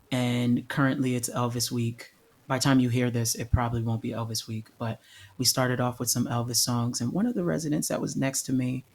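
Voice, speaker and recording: Male podcast host, earnest storyteller, mid-range voice, repeats himself for emphasis. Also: medium pitch. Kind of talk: reflective solo podcast storytelling.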